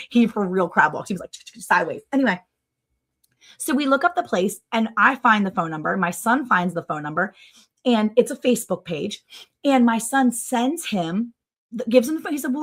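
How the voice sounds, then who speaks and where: Animated middle-aged woman telling a story. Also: mid-range voice. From Maryland, USA. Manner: animated storyteller, acts out other people's voices. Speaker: livestream host. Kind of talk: casual storytelling chat.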